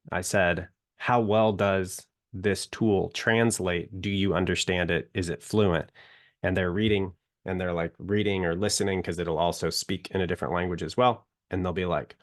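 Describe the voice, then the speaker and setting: A man casually explaining a topic to viewers as the instructor, talking loosely with frequent fillers and restarts. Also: sits low.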